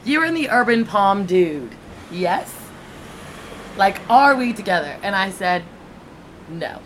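Woman podcast co-host, casual and teasing, mid pitch, faint background noise. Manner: teasing, lively, quick laughs. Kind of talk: casual chat.

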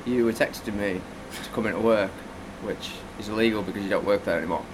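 Man, podcast co-host, slangy and deadpan storyteller, faint background noise. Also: lowish voice, quick pace. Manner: laid-back, wry, slangy. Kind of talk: casual storytelling.

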